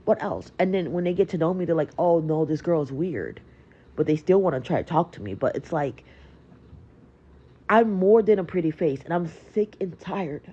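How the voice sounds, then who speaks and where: A woman's voice: lowish voice, lively intonation, normal speed, mellow, husky. A young woman talking earnestly and emotionally straight to her followers, often repeating herself. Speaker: social media creator. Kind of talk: emotional confessional clip. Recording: dull lo-fi clip.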